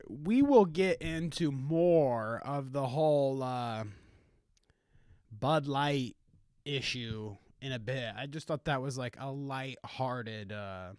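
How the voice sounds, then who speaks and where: A man's voice: mid-range voice, slow pace, a little mellow, clean tone, no room sound, clean studio sound. A man hosting a live morning talk show, chatting casually and rambling with fillers. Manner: laid-back, rambling, with filler words. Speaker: host.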